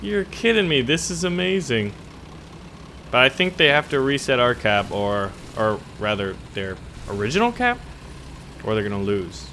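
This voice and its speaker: A man giving casual gameplay commentary on a tank game, excitable and quick to burst into loud cursing. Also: medium pitch, a little hiss or hum.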